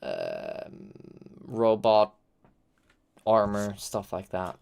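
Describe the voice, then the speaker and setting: A man's voice: on the low side, wildly swooping pitch, very slow, creaky, very noisy. A man hosting a live stream, giving loose, chatty feedback full of "like" fillers and the odd swear. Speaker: host reviewing game audio reels.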